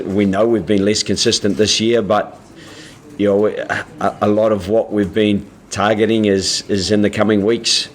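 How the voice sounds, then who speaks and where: A head coach at a press conference, answering in a measured, halting way with frequent restarts. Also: male voice, lowish voice.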